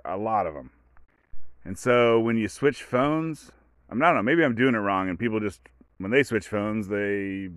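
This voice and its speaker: A man with a lowish, clean-toned voice hosts a podcast, recorded without echo. He rambles casually, cutting himself off and wandering into side stories as he talks.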